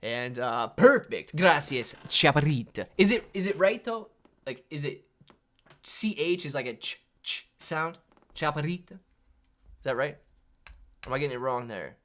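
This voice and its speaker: A man's voice: mid-range voice, a little slow, pauses often. A man hosting a live stream, reading viewer messages aloud in casual, slangy chat. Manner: animated, slangy, says "man" and "dude" often. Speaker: livestream host reading chat.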